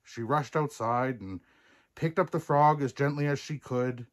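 An older man in the role of Santa, reading a children's picture book aloud. He takes his time over each line and chuckles easily, in a mid-pitched, everyday voice. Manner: unhurried, chuckling storyteller. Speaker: Santa storyteller.

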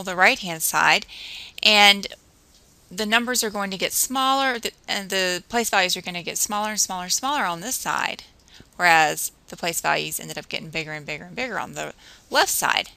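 A woman teacher talks through a math lesson in a patient, steady way, counting out drills at an even pace. Her voice sits a little low and has a gravelly edge, with a bright, sharp tone. The sound is dry and close. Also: normal speed, no echo, low-quality recording. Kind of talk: recorded math lesson narration.

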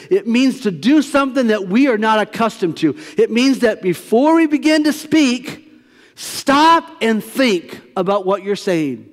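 High-voiced pastor preaching in a reverberant hall. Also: male voice, lively intonation, measured pace. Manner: conversational, storytelling, emphatic. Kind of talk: sermon. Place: church sanctuary.

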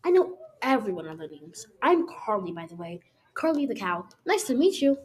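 A woman's voice: medium pitch, sing-song, a little fast, breathy edge. A woman voicing a chatty, friendly female cow in a homemade storybook tale, gushing and breathless.

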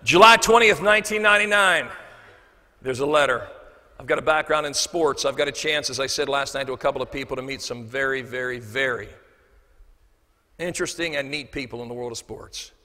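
A male motivational speaker delivering a storytelling keynote on stage, animated, switching between loud bursts and hushed asides. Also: medium pitch, brisk. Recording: echoey large hall.

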